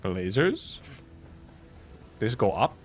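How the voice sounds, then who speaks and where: A young man streaming a video game, thinking out loud with playful, swearing, laughing casual commentary. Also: lowish voice, sing-song, very slow, soft background music.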